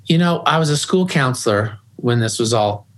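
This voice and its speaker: Speaking at normal speed, the middle-aged man has an expressive, medium-pitched voice. He's the grief organization founder guesting in a conversational interview, earnest throughout and prone to restarting and repeating himself.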